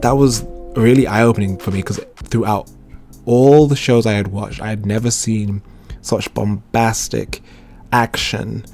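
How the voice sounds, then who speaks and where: A man in his thirties looks back thoughtfully and talks in a measured way. His voice is on the low side. Light music runs underneath. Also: fairly even intonation, darkish tone. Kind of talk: reflective storytelling.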